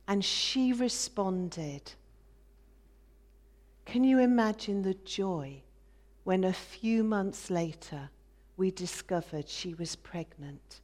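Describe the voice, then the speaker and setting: A woman playing a gentle, loving middle-aged husband in a biblical dramatic monologue, speaking wistfully and tenderly. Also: medium pitch, animated, slow pace, long pauses.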